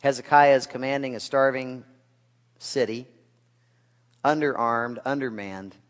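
A male pastor delivering a sermon, with rhetorical questions and dry asides, swinging from loud to hushed. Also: mid-range voice, fairly even intonation, a little slow. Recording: long reverb of a large hall.

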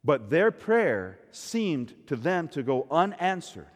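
Male preacher, high voice, emphatic and questioning, long hall reverb. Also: very animated, takes it slowly. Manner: emphatic, rhetorical questions to the congregation. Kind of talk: sermon.

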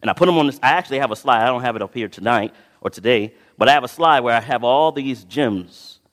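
A man's voice: mid-range voice, animated, quick pace, fairly bright tone. Man preaching a sermon in a reverberant hall. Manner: asks the congregation to fill in words, then answers himself; reads scripture aloud with dramatic rises and drops in volume. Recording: long reverb of a large hall.

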